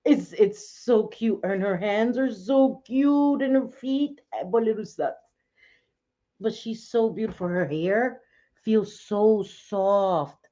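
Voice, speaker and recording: A woman's voice: medium pitch, takes it slowly, mellow. A middle-aged woman hosting a casual livestream from home, chatty and laughing often as she talks to viewers by name. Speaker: livestream host. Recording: dull lo-fi stream audio.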